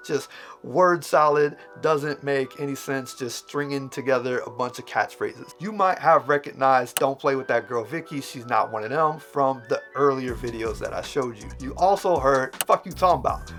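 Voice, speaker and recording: A man's voice: medium pitch, a bit bright. Man explaining speech, faint music behind. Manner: explanatory, lecturing with spoken examples. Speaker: host explaining dialect features. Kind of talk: analytical video commentary.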